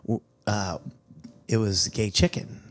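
A man guesting on a comedy chat, telling bits in a rambling, halting way with many restarts. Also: lowish voice, steady tone, a bit bright.

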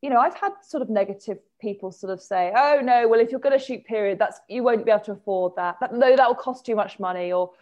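A woman hosting a casual chat, animated and quick to laugh, talking in rambling restarts. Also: on the high side, dull audio. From England.

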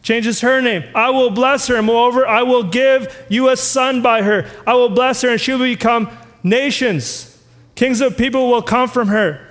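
High-voiced man preaching in a reverberant hall. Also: normal speed, fairly bright tone. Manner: reads scripture aloud and asks the listeners questions. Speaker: pastor. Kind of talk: sermon.

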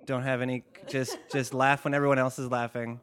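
A man's voice: mid-range voice, flat delivery, a little fast, a bit bright. A man co-hosting a podcast, chatting casually in a rambling way, with many fillers and dry, sarcastic asides. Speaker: podcast co-host. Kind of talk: casual chat.

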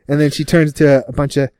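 A man casually recapping a TV episode with a co-host, laughing often and putting on quick voices for the characters. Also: a little high, warm tone, dry recording, studio quality. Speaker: podcast co-host.

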